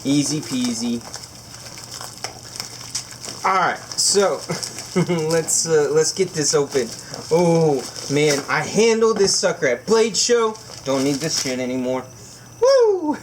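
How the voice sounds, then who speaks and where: A man's voice: on the high side, measured pace, a little hiss or hum. Giggly, gushing man unboxing a knife. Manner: gushing, giggly, overcome with excitement. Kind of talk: unboxing vlog. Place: indoors at home by candlelight.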